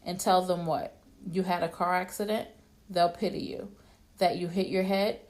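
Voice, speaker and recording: A jealous, abusive man, cursing and threatening one moment, pleading the next, voiced by a woman reading a story. The voice sits low with a gravelly, creaky texture. He speaks like a man used to power. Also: steady tone, moderate pace, lightly acted. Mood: cold. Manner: yelling, cursing, then pleading.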